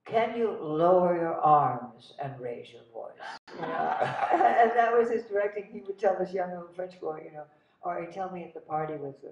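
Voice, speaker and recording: An older actress telling animated stories about her career in a casual interview. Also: low-pitched. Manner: animated, breathless anecdotes with laughs. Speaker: guest actress. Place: cinema. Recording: roomy, distant, dull sound.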